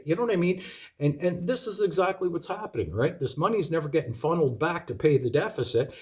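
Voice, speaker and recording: A man's voice: on the high side, lively intonation, quick pace. A man ranting in a monologue to his viewers, profane and exasperated, lecturing them with rhetorical questions. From Canada. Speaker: video commentator.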